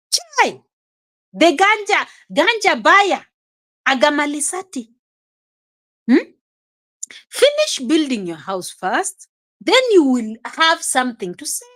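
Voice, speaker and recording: A woman's voice: high voice, fairly bright tone. A woman giving casual reaction commentary, exclamatory and scolding, chuckling often. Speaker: reaction vlogger.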